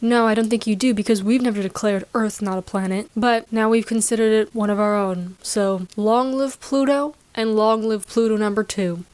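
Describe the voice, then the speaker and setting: A woman voicing a calm, sinister small alien ruler in a flat, slow and menacing tone. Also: medium pitch, clear, resonant tone, dry recording, natural voice. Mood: cold, sinister.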